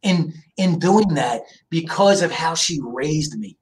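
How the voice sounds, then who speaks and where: A middle-aged man from the Philadelphia area, a guest in an interview, telling family stories in a lively, casual way and often checking in with "right?". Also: on the high side, slow, a little hiss or hum. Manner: animated storyteller, asks "right?" often. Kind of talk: casual storytelling.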